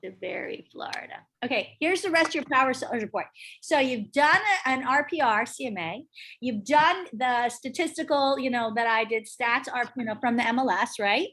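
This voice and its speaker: A woman with a slightly high voice teaches a class in a casual, chatty way. She speaks briskly and with emphasis, and she keeps checking in with the group through questions. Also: fairly bright tone. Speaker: real estate instructor.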